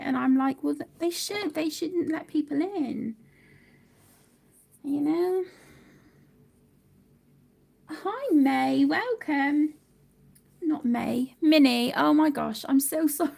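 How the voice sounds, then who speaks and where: Woman host, thirties, high gravelly voice, chatty livestream talk reading out comments. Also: darkish tone. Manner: chatty, reads viewer comments aloud. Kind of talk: casual livestream chat.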